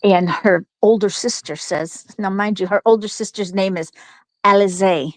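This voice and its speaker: A woman's voice: medium pitch, fairly even intonation, normal speed, dry recording, poor audio. A middle-aged woman telling a long, rambling story in casual chat, laughing often and restarting her sentences.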